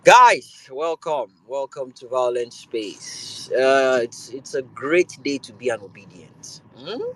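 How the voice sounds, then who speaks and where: A Nigerian man hosting a show, delivering an impassioned political rant that swings between calm and loud. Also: mid-range voice, slow, poor audio. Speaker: show host.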